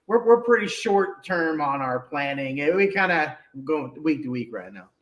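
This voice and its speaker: A man's voice: a little high, animated, normal speed, a bit bright. Man speaking from far from the mic.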